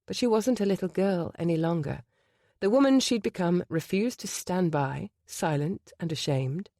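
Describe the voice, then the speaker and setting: An audiobook narrator reading a romance novel in an expressive storytelling manner. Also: male voice, high voice, moderate pace, vocal fry, no echo, clean studio sound. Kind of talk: scripted narration.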